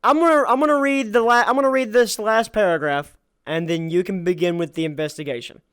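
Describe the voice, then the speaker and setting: A man's voice: high-pitched, fairly even intonation, fairly quick, a bit bright, smooth, no room sound. A man co-hosting a casual true-crime podcast, reading case notes aloud, tripping over names and swearing casually.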